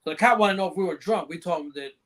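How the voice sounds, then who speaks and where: High-voiced man telling profane stories. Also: rapid-fire, fairly bright tone. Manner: profane, laughing, rambling anecdotes. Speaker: podcast guest. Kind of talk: casual storytelling chat.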